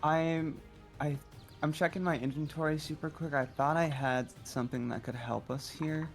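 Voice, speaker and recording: Guy playing d&d, hesitant, working out his turn out loud. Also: fairly high pitch, fairly even intonation, normal speed, soft background music. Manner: hesitant, thinking aloud. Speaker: player. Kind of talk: casual tabletop game play.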